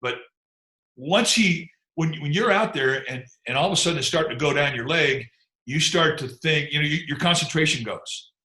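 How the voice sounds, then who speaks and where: A man with a crisp, bright voice recounts baseball anecdotes in an easy, unhurried storytelling manner. He chuckles and drifts into asides as he goes. The sound carries a noticeable echo of the room around him. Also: on the high side. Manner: laid-back, chuckling, trails off into asides. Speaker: former big league pitcher telling stories. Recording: echoey room.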